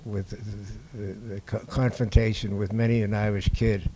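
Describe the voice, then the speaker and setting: An older documentary filmmaker from Boston, USA, addresses an audience at an indoor screening, his low, mellow voice showing little pitch movement. He recounts his work in a slow, halting way with frequent small pauses. Behind him is a faint hum from the room.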